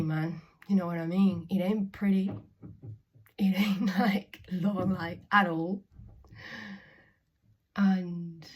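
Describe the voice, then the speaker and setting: A woman's voice: fairly low pitch, slightly rough. A young woman from Spain talking frankly to camera in a casual vlog, swearing freely and dropping to whispers. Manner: frank and sweary, laughing often, swinging from loud to whispered. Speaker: spiritual vlogger. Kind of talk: candid casual monologue.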